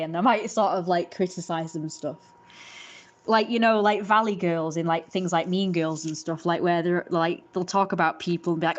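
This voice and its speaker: A woman's voice: fairly low pitch, fairly even intonation, brisk. A young woman rambling casually to her livestream viewers, full of fillers and restarts. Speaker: livestream host.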